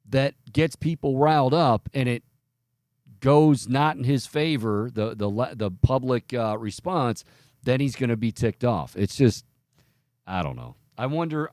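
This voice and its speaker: A man's voice: mid-range voice, a little mellow, no echo, clean studio sound. A man hosting a sports radio talk show, rambling and opinionated, often cutting himself off mid-sentence. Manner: rambling, self-interrupting, opinionated. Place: radio studio.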